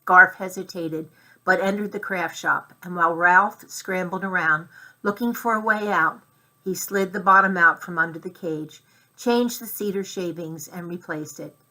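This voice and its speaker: A woman reading a children's chapter book aloud in clear storytelling style. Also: fairly low pitch, moderate pace, bright, forceful tone. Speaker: narrator.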